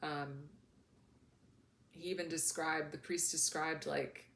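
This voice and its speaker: A woman talking in a casual, heartfelt vlog as a spiritual coach, soft and earnest with many fillers. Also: low voice, level tone, slow, creaky. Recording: echoey room with faint noise.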